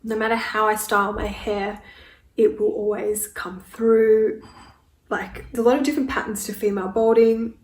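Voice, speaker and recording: A woman's voice: mid-range voice, fairly even intonation, moderate pace. A woman in her twenties doing a get-ready-with-me Q&A while applying makeup, speaking candidly and growing emotional. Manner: candid, emotional, tearful at times. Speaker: beauty vlogger. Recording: echoey room from a distance with faint noise.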